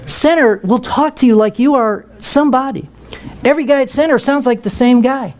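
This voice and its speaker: An older man, a retired pilot, tells an anecdote to an audience in a lively way, acting out radio calls. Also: extremely high pitch, normal speed. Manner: lively storyteller who acts out radio calls. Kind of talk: storytelling speech to an audience.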